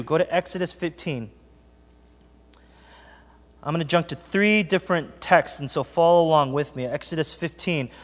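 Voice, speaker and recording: A man's voice: on the high side, big-room sound. A man preaching an earnest, conversational sermon to his congregation and reading scripture aloud. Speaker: pastor. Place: church sanctuary.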